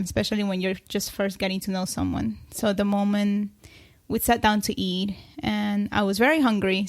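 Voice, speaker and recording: A woman's voice: medium pitch, vocal fry, no room sound. A woman in her twenties, a podcast guest talking candidly in casual chat and laughing often. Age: 20s.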